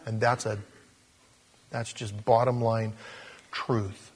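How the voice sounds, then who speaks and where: A man preaching a sermon in an animated storytelling style, acting out the scenes he tells. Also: lowish voice, slow pace, breathy edge, long reverb tail.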